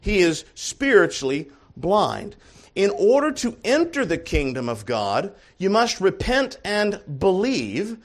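A male pastor delivering a sermon in a high, bright-edged voice. He preaches with strong emphasis, moving between soft, close asides and loud, ringing calls. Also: big pitch swings, slow. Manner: emphatic, swings from quiet asides to shouted calls.

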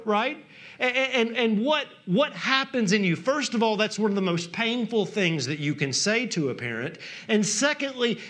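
Southern male preacher, high tenor, impassioned, dips to a hush then builds up. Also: expressive. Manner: impassioned, swings from hushed to loud, drawn-out emphasis. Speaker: pastor. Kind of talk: sermon.

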